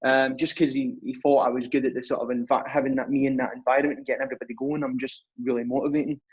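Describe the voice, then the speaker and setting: A man's voice: medium pitch, little pitch movement, racing, breathy edge. A young man, a podcast guest telling his story in a chatty, rambling way. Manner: chatty, rambling, acts out dialogue. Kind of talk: casual storytelling. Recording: muffled lo-fi recording.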